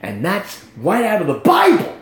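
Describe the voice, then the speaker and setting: A man in his fifties talks about his faith with lively swings in pitch, like a preacher telling a story. His voice carries a roomy echo. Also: moderate pace. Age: 50s. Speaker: guest. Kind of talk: faith testimony in conversation.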